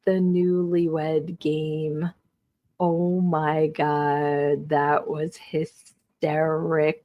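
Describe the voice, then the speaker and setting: A woman's voice: sits low, very slow, no echo, dull audio. Woman, forties, stream host, casual chatter, reads viewer comments, laughs a lot, dry close sound. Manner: chatty and animated, heavy use of "like", laughs often. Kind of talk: casual live-stream chat, reading chat comments.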